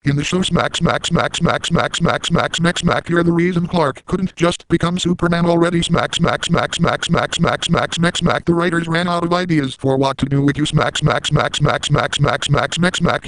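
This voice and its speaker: A man's voice: fairly high pitch, a bit bright, close to an everyday voice, low-quality recording. A man voicing a crude, manic cartoon dad in an absurd parody monologue, ranting and making repeated sound-effect noises.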